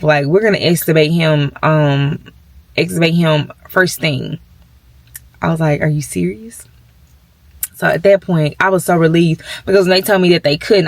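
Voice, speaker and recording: A woman's voice: on the low side, dry recording. Emotional woman vlogging in a dry room. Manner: emotional, talks straight to viewers. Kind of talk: casual vlog update. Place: at her workplace.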